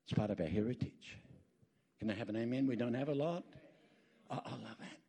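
An Australian man visiting a church preaches emphatically in a medium-pitched, fairly quick voice with a dark tone and breathy edge. He tells folksy stories, wanders into rambling asides, and calls out for amens from the crowd.

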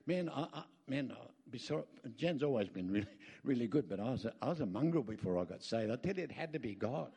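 A man's voice: medium pitch, a little fast, creaky, slightly rough. A middle-aged Australian man preaching a sermon, telling stories with jokes and asides to the congregation. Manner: lively storytelling with jokes and asides. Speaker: pastor.

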